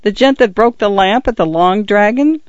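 A man voicing a gruff, irritable male village constable, dropping his aitches. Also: high voice, moderate pace, dry recording, muffled recording, voice pushed up, close to an everyday voice. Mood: irritated.

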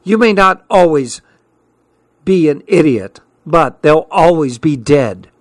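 A man voicing a bossy, sharp-tongued young girl, the narrator's older sister, who snaps at her brother and turns frantic and tearful. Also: a little high, lively intonation, slow, no echo, clean studio sound. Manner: snapping, then tearful and frantic.

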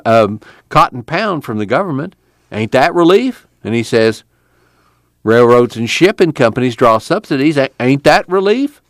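A man's voice: medium pitch, no echo, clean studio sound, pitched above the performer's own voice, natural voice. Man playing a tubby, cussing migrant. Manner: rambling, profane storyteller. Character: tubby, talkative male migrant worker.

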